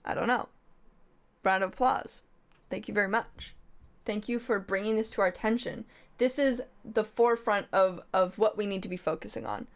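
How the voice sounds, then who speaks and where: A woman's voice: medium pitch, normal speed. A woman streamer giving comedic livestream commentary, reading slides aloud in a playful, rambling way and jumping into goofy bits.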